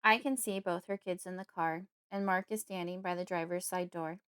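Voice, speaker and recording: A woman reading a creepy horror audiobook in the first person, at a steady, measured pace. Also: on the low side, clean tone, dry recording, studio quality. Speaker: audiobook narrator.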